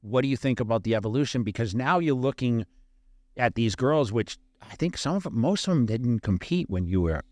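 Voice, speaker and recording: A man hosting a podcast, asking long rambling questions in an animated way. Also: mid-range voice, brisk, no room sound, studio quality. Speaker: podcast host. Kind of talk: casual interview chat. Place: studio, podcast.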